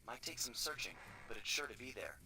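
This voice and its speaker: A man voicing a suave, cool male raccoon master thief, smooth and confident, in video game dialogue. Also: mid-range voice, sing-song, a little fast, lightly acted. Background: game music.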